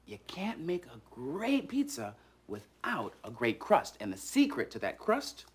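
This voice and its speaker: Animated man hosting a kids' show. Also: on the high side, measured pace, slightly rough. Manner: playful, talks straight to the viewer. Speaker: host. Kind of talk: children's TV presenting.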